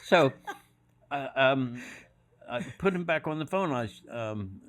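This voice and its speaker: A man's voice: medium pitch, lively intonation, a little slow, a bit bright. An older man from Philadelphia, a podcast guest telling stories casually, acting out the voices of the people he quotes, with many fillers and restarts. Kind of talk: casual storytelling.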